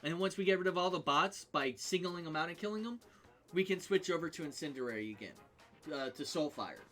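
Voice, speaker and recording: A man on a live game stream walks through a character build in a loose, unscripted way, pausing on ums and restarting his sentences. His voice sits a bit high and sounds bright and forward, with faint music playing underneath. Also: expressive. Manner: thinking aloud with many ums and restarts. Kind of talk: casual game build talk.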